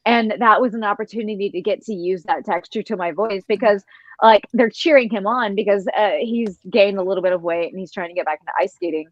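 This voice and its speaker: A young woman on a livestream panel, chatting casually with a faintly husky, textured voice. She rambles through a story and mimics voices along the way. The audio is dry and a little dull, like a video call. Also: mid-range voice, fairly quick, no room sound. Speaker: voice actor on a panel.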